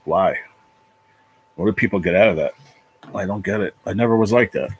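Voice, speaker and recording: A man hosting his own livestream from his apartment, talking casually and emotionally in a halting, repetitive way with a lot of swearing. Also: low-pitched, a little hiss or hum, poor audio. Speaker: livestream channel host. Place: apartment at home.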